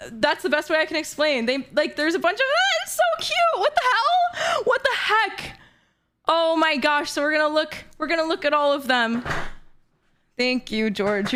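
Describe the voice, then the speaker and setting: A woman in her twenties chats on a livestream with a high, bright voice. She reads fan messages aloud in a bubbly way and keeps breaking into giggles. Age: 20s. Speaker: streamer.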